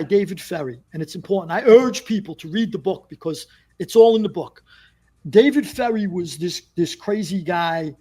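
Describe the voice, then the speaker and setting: A man with a New York accent recounts a story in a relaxed interview. His voice sits fairly high, and he slips into the voices of the people he quotes. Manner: animated storyteller acting out quoted dialogue. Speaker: former mobster guest.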